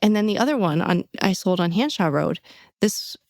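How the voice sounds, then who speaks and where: A woman's voice: mid-range voice, normal speed, no room sound, clean studio sound. A woman real estate agent hosting a casual podcast, telling client stories and acting out quotes in a raised voice. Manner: animated storyteller, acts out quoted clients in a raised voice. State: getting emotional.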